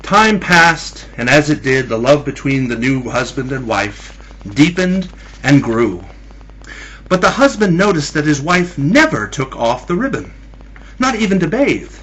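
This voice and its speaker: Slow, theatrical male storyteller, husky. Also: on the high side, very animated, a bit bright, rough recording. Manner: teasing, theatrical, addresses listeners as kiddies. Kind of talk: spooky Halloween storytelling.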